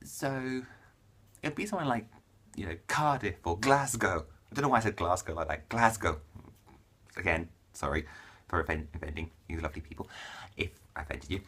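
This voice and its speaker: A young man from England talks to camera about books in a chatty, jokey way. His voice is somewhat low and husky, and his pitch swings widely as he riffs and corrects himself. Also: fairly bright tone. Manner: chatty, jokey, self-interrupting. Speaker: book vlogger. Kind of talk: casual vlog chat.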